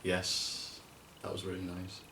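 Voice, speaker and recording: A man's voice: deep voice, monotone, slow pace, sharp tone. A young man from North East England chatting casually as a guest, swearing a lot and acting out quotes in voices. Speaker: guest, wrestling video maker. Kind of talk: casual chat. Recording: echoey room, from mic distance.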